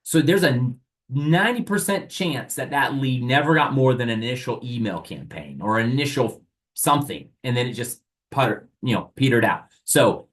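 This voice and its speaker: A man teaching an online sales training, speaking energetically straight to his audience and often asking rhetorical questions. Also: mid-range voice. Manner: asks rhetorical questions and plays both sides.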